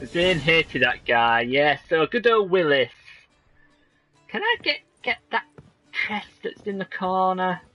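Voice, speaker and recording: A man's voice: high voice, sing-song, takes it slowly, sharp tone. A man streaming a video game, chatting in rambling, joking asides. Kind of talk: casual game commentary. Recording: voice over game music.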